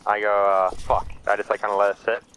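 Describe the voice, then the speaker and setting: A man's voice: lowish voice, flat delivery, fast talker, a bit bright, clear, resonant tone, rough recording. A man in casual voice chat telling a game story, acting out radio calls, on a close headset mic with audible breathing. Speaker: player in a military sim game. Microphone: headset mic too close, breathing audible.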